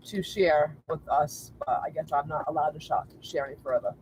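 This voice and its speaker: A woman's voice: low-pitched, normal speed, a little mellow, low-quality recording. A chatty woman co-hosting a casual livestream, repeating herself and laughing easily. A faint hiss sits under her voice. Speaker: co-host of a travel livestream.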